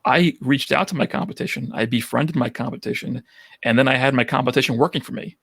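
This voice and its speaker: A man with a thick New York accent, a business owner talking openly and warmly as a podcast guest. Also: medium pitch, quick pace, gravelly, breathy edge. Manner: friendly, open and reflective. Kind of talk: casual interview chat.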